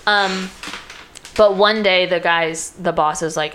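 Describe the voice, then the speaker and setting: A young woman in casual chat, retelling a film's plot in a loose, chatty way full of "like" and quick quoted voices. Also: on the low side, steady tone, a bit bright, slight background noise. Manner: chatty, heavy use of "like", breaks into quoted voices.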